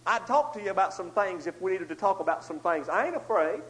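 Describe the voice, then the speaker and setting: High-voiced preacher, emphatic. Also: male voice, animated, fast talker, low-quality recording. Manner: emphatic, swings between loud outbursts and hushed asides. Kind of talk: sermon with storytelling.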